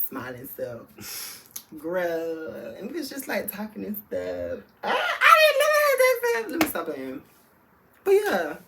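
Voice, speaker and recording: A campy, sassy man spilling a frank storytime to his viewers, full of slang and cheeky asides. His voice sits fairly high for a man and swings between loud bursts and hushed, confiding stretches. There is a faint hiss under the recording. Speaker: storytime vlogger. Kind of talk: candid storytime chat.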